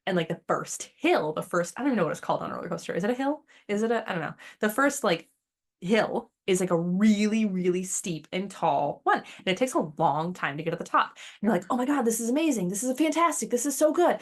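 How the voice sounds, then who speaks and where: A woman's voice: fairly low pitch, a little fast. Blunt, chatty woman podcast host. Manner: blunt and profane, animated; chatty, with fillers and sidetracks. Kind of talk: casual spiritual podcast talk.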